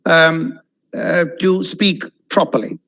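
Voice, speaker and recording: Animated man drilling English pronunciation. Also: on the high side, slow pace, gravelly, low-quality recording. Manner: animated, repeats words for drill, checks in with "okay?". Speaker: webinar speaker on spoken English. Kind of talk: online lecture. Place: webinar, video call.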